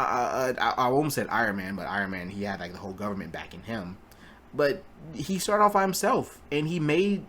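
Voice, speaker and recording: Husky-voiced man rambling bluntly. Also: on the high side, a bit bright. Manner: rambling, stumbling restarts, blunt and profane. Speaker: movie reviewer. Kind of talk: casual spoken film review.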